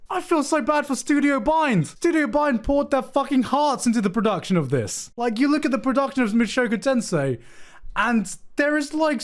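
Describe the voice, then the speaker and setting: A man streaming live, reacting to anime award nominations in an emphatic, swearing, animated commentary. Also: very high voice.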